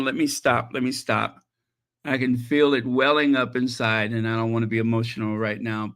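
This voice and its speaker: With a medium-pitched, fairly bright voice, this man hosts his channel's laid-back livestream. He talks and responds to messages from viewers, leaning heavily on filler words.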